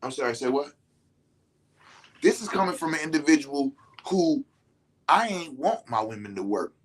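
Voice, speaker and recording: A middle-aged man hosting a podcast, giving a profane, preachy monologue to male listeners and jumping between calm talk and shouting. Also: a little high, normal speed. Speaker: podcast host.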